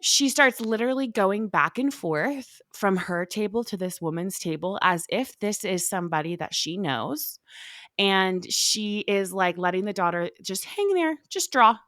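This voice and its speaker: Animated woman podcast co-host, dry sound. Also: mid-range voice, dry recording. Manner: animated storyteller who acts out the people she quotes. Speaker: mother of young children. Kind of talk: casual chat.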